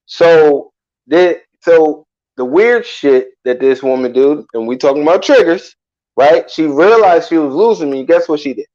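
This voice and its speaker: A man with a notably high voice tells a rambling personal story in loose, slangy chat. He gets animated and keeps checking in with the listener. The sound is a bit dull and lo-fi. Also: a little slow. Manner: animated, acts out quoted lines loudly, salty slang.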